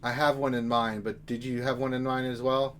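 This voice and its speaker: A man's voice: mid-range voice, little pitch movement, fairly quick. A man co-hosting a game livestream in casual chat, joking and talking straight to his viewers in a rowdy way. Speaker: livestream co-host.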